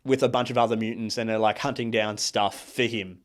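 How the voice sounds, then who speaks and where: A man co-hosting a podcast, recapping a movie in a rambling, casual way with lots of fillers, acting out characters in quick asides. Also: on the low side, fairly even intonation. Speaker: podcast co-host. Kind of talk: casual movie review chat.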